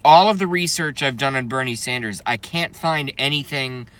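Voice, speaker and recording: A man's voice: mid-range voice, normal speed, a bit bright. A man live-streaming a profane political rant, swearing a lot and breaking into giggles.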